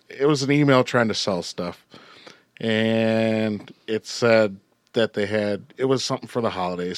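A man's voice: fairly low pitch, dry recording, clean studio sound. A man hosting a casual hockey podcast, chatty, with frequent laughs and fillers. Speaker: podcast host. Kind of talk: casual sports podcast chat.

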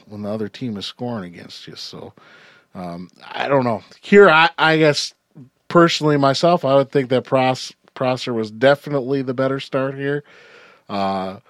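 A man hosts a laid-back sports podcast, rambling through stories with plenty of fillers and easy laughter. His voice sits at an ordinary middle pitch. The sound is dry and close to the mic. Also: no echo. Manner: chatty, laughs often, many fillers. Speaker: podcast host. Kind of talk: casual sports podcast chat.

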